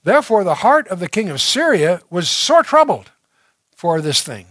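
A man's voice: high voice, very animated, normal speed, a bit bright, no echo. A man teaching through a Bible passage verse by verse, reading scripture aloud and then explaining it in a conversational way, with fillers and restarts.

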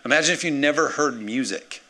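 A man, the pastor, preaching a lively sermon to his congregation, with playful acted asides. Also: mid-range voice, a little fast.

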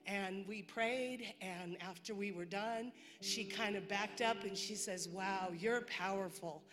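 A woman's voice: mid-range voice, slow. Woman giving a church testimony, conversational storyteller, hall echo with music bed. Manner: chatty storytelling, quoting herself and others. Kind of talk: personal testimony.

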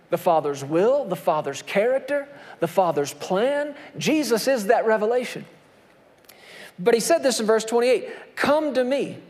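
A man delivering a sermon with a notably high voice. He preaches emphatically, pausing to throw rhetorical questions at the congregation, and the sound carries a long hall reverb. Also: darkish tone. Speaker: pastor.

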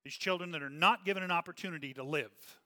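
A man's voice: on the high side, fast, sharp tone, big-room sound. A man leading a Bible study as pastor, earnest and often checking in with "okay?".

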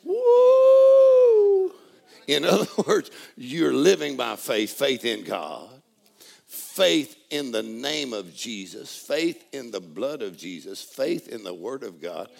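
A male preacher with a heavy rasp and fry in his voice, leading a congregation through a sermon. He trades calls and responses with them, sinking to hushed, intimate lines and climbing to shouted, almost sung praise. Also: big pitch swings, takes it slowly. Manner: call-and-response preaching, swings from low murmurs to shouted praise.

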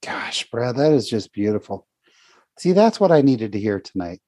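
A man's voice: mid-range voice, big pitch swings, normal speed, dark tone, dry recording, clean studio sound. A man hosting a podcast, talking in a heartfelt, rambling way with many restarts about his faith. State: near tears. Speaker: podcast host. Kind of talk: casual faith conversation.

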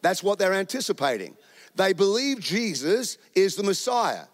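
A man's voice: sits high, very animated, normal speed, long reverb tail. A man with a New Zealand accent preaching a sermon in a church, speaking into a handheld microphone, conversational and joking. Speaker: pastor. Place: church auditorium.

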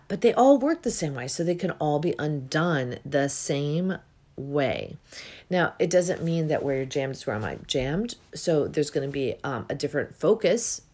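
A woman giving an unhurried, reflective spiritual talk as a healing coach, with many pauses and yawns. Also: low voice. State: yawning.

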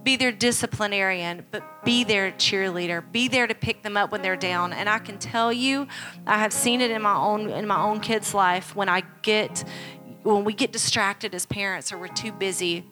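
A woman's voice: medium pitch, normal speed, sharp tone, faint music behind. A woman pastor preaching a sermon at a church service, making earnest, repeated appeals to the congregation. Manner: earnest, repetitive exhortation.

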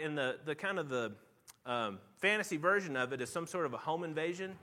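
Animated, bright-voiced male preacher. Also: on the high side, quick pace, long reverb tail. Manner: lively storytelling with animated rising outbursts. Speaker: pastor. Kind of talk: sermon.

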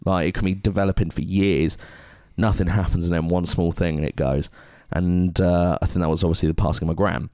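Earnest male podcast co-host, low voice, dry close sound. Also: fairly even intonation, fairly quick, few pauses, warm tone, clean tone, no echo. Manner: earnest and heartfelt. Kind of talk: casual podcast chat.

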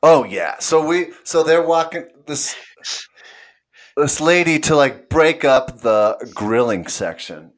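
A man in casual conversation, telling his side of a shared memory in a relaxed, loose way and trailing off when unsure. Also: on the high side, takes it slowly. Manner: relaxed, trailing off, fuzzy on details. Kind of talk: casual storytelling chat.

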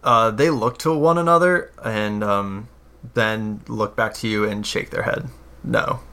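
A man narrating a tabletop role-playing game as game master, halting and full of fillers. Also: on the low side, bright, forceful tone, clean tone.

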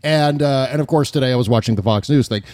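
A man hosting a political comedy podcast, rambling and profane and quick to laugh. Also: mid-range voice, a little mellow, no echo, studio quality. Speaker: podcast host. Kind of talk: casual political comedy chat.

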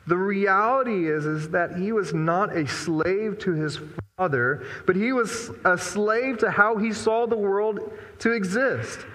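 A man preaches in a slightly high voice, thinking aloud as he retells a story. His words hang in a long hall reverb, as in a church. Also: measured pace, hardly any pauses, a bit bright. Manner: reflective, conversational storytelling. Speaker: pastor. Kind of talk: sermon.

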